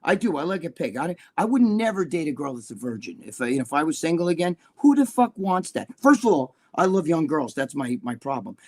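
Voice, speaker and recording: A man's voice: on the high side, big pitch swings, a little fast, few pauses. An older man chatting as a guest, rambling and profane with many restarts. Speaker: guest, bodybuilding columnist. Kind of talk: casual live chat.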